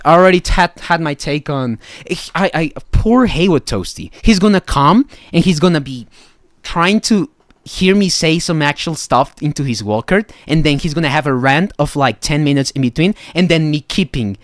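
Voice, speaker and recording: A man's voice: on the high side, expressive, moderate pace, dry recording, studio quality. A young man live streaming as a beatbox judge, ranting, swearing and mocking people. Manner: mocking, swears, mimics people in silly voices.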